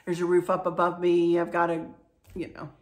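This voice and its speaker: A woman's voice: lowish voice, monotone, normal speed. A middle-aged woman chatting casually to her viewers, emotional and rambling, with frequent restarts. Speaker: vlogger. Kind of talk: casual chat to camera.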